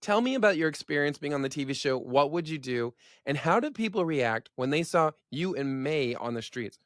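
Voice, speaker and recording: A man's voice: fairly high pitch, animated, normal speed, dry recording, clean studio sound. A man hosting an interview, asking earnest, enthusiastic questions. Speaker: host.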